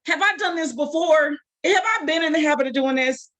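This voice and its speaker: A woman's voice: high voice, big pitch swings, moderate pace, a bit bright, pitched above the performer's own voice. A woman doing a sassy talking donkey. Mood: indignant. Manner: sarcastic, exasperated.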